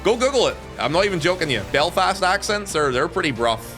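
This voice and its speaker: Lively, bright-voiced Northern Irish man. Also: high voice, fairly quick, faint music behind. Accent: Northern Irish, softened. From Northern Ireland. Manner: chatty, joking, swearing. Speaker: streamer. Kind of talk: casual chat with viewers.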